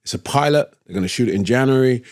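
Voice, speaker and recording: A man's voice: mid-range voice, fast talker, a little mellow, dry recording, studio quality. A man from East London with a London accent, a guest casually telling stories in a laid-back, slangy way. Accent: London English. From East London, England. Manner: laid-back, slangy, drifts between thoughts. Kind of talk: casual storytelling.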